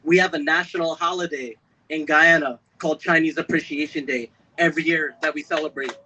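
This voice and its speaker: A young man giving an emotional speech at an outdoor protest, building from steady storytelling to shouting. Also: on the high side, fairly quick, dull audio, slight background noise. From Pennsylvania. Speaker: protest speaker. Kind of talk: impassioned rally speech.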